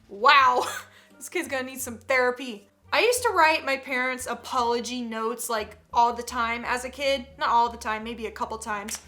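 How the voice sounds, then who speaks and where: Comedy host: young woman, high bright voice, animated, quick to laugh and break into voices. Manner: animated, laughing often, jumps into loud put-on voices. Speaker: comedy YouTuber reacting to parenting tweets. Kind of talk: comedic commentary with acted voices.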